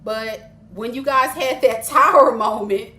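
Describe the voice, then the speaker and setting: A woman reads tarot cards live for her viewers, speaking slowly in a fairly high voice. She teases, chats and laughs a lot between readings. A faint background hiss sits under her voice. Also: bright, forceful tone. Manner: chatty, laughs often, teasing, talks straight to viewers. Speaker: tarot reader.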